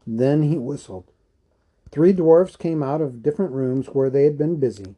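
A man reading a novel aloud in a measured, even storytelling manner. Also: medium pitch, slightly rough, dull audio. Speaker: audiobook reader.

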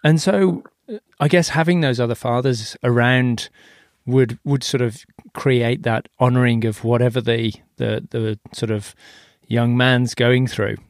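A man's voice: mid-range voice, fairly even intonation, measured pace, no echo, clean studio sound. An Australian man hosting a podcast interview, telling stories in a loose, easygoing way with casual swearing. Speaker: podcast host.

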